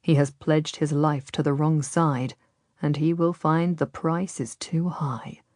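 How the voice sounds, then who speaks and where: A woman voicing a quiet, coaxing Ottoman nobleman. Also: sits low, fairly even intonation, a little slow, dry recording, studio quality. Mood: coaxing, ominous. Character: smooth persuasive Ottoman nobleman, adult man.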